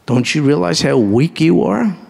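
A man preaching a live sermon to a congregation, emphatic, asking them direct questions and breaking into sudden high exclamations. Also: lively intonation, normal speed, gravelly, a little mellow, husky. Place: church hall with a congregation. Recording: reverberant hall sound.

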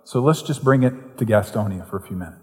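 A man from Western North Carolina with a softened Southern accent, preaching a sermon as pastor in a conversational way that builds to fervent emphasis. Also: on the low side, fast, long reverb tail.

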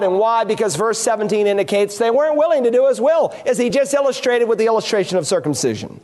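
A man's voice: very high voice, expressive, fairly quick, few pauses, darkish tone. A man, a pastor preaching an emphatic expository sermon that leans on rhetorical questions.

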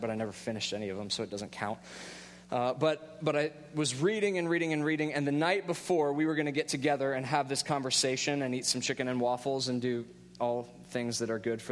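A male pastor delivers his sermon like a story told among friends, wry about himself. His voice sits at an ordinary middle pitch. It rings out in a long hall reverb over a faint hum. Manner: conversational storytelling with self-deprecating humor.

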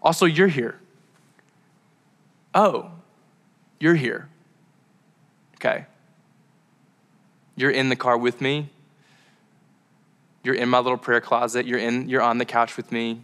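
Chatty bright-voiced young preacher man. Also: mid-range voice, flat delivery, normal speed, long pauses, clear, resonant tone. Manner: chatty and rambling, full of fillers and tangents. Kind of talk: casual sermon to a live crowd.

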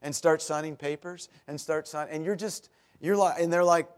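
A middle-aged man preaching a sermon as pastor, telling stories in a chatty way with self-deprecating humor that grows animated at the punchlines. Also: moderate pace. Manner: animated, rises in pitch and volume at punchlines.

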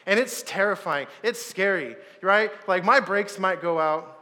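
A man preaching, telling a personal story in a casual, animated way with loud bursts. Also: sits high, measured pace, few pauses, long reverb tail. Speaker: pastor.

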